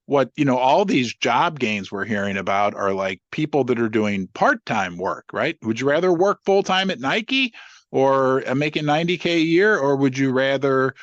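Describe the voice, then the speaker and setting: A man's voice: mid-range voice, normal speed, no room sound. Middle-aged man, casual show host, jokey, dry muffled sound. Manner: joking, teasing, animated questions. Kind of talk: casual interview chat.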